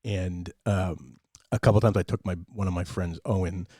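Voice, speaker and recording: A man hosting a podcast, telling a relaxed story with hesitant fillers. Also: low voice, normal speed, slightly rough, no room sound, studio quality. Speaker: podcast host. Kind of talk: casual podcast chat.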